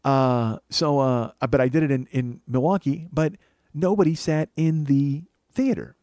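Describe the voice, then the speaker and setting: A comedian and podcast host in his forties delivers a casual monologue, retelling a comic story in a profane, exasperated, animated way. His voice is on the high side, his pace measured, and there's no echo.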